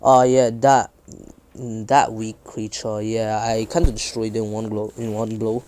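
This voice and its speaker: A man's voice: fairly low pitch, flat delivery, measured pace, a little mellow, slight background noise, voice pushed down, close to an everyday voice. A man voicing a blunt, defiant young ninja hero who talks with casual bravado. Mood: cocky.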